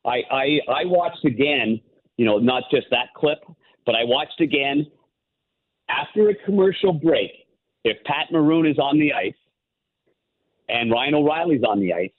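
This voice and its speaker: Over a tinny phone line, a man who used to play goalie and now analyzes hockey spins wandering stories full of restarts in a casual call-in interview. His mid-range voice is animated yet measured in pace, broken by long pauses.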